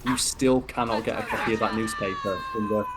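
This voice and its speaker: A man's voice: lowish voice, steady tone, a little fast, very noisy. Chatty young British man with a Scottish lilt. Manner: chatty, rambling storyteller. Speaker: stream co-host. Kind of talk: casual chat over gameplay.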